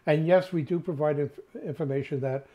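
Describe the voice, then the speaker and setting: A man's voice: fairly high pitch, moderate pace, dark tone. An older man with a New York accent, co-hosting a casual chat, rambling with many filler sounds. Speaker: co-host. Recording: dull lo-fi sound.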